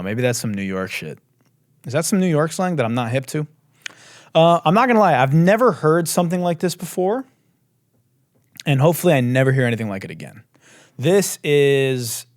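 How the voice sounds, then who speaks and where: Brief: sarcastic male host ranting, very animated pitch, dry close sound. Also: no echo. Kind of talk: comedic commentary.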